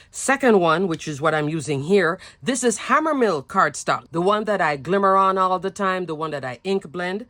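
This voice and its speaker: A woman with a fairly low voice talks chattily through a craft demo, gushing over every cute piece. She sounds close to the mic in a dry, dead room. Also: fairly bright tone, dry recording. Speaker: craft channel host. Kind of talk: casual product show-and-tell.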